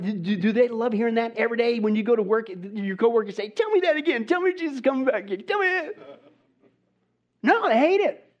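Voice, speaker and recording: A man preaching a sermon as pastor, emphatic, often asking the congregation "right?" and swinging from soft talk to loud exhortation. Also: high-pitched. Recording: dull lo-fi sound.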